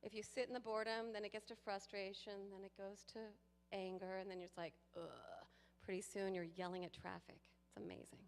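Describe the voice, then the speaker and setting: A woman giving a sermon to a congregation, lively and playful, with laughing asides to the people in the pews. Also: mid-range voice, quick pace, a little hiss or hum. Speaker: guest speaker. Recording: long hall reverb.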